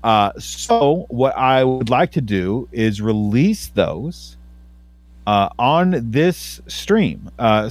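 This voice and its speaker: A man in his thirties with a fairly low voice co-hosts a podcast, chatting casually. The recording has no echo, and he sounds hesitant, full of fillers and restarts.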